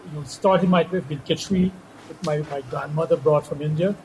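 A man's voice: fairly high pitch, steady tone, a little fast, noisy background. Man, hesitant panelist. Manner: hesitant, with frequent fillers.

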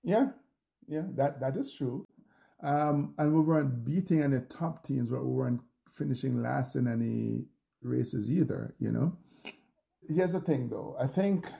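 An older man with a Jamaican accent telling his own story in an interview, animated and acting out his shouts. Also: mid-range voice, gravelly. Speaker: interview guest.

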